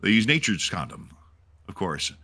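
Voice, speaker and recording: A man with a low voice that swings widely as he talks. His tone is bright and forceful. He tells stories casually on a podcast and jumps into other people's voices. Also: moderate pace. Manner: animated, acts out voices with laughter and swearing. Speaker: podcast co-host. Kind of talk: casual storytelling chat.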